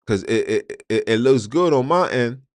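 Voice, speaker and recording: In a dry, studio-quality recording, a man hosts a podcast with an expressive, mid-range voice at normal speed. His argumentative monologue keeps putting rhetorical questions directly to listeners.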